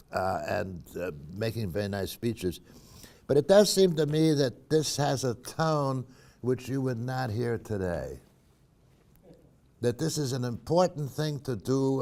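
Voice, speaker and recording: Gravelly older man lecturing. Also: mid-range voice, a little mellow. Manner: wry, reflective, with dry asides and filler "uh"s. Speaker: math professor giving a lunch talk. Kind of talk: informal lecture. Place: university seminar room.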